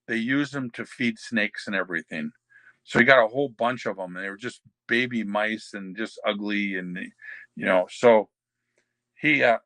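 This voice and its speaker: A man's voice: medium pitch, sharp tone, no echo. An older man, a former wrestler, telling backstage anecdotes as a podcast guest, rambling with many fillers and restarts. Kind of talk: anecdotal storytelling.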